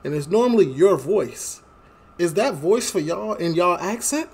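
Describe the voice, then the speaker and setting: A chatty young man, a reaction video host from Chicago, talks casually and laughs often as he reads memes out loud. His voice sits a bit higher than most men's. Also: expressive, measured pace, slightly rough. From Chicago, USA.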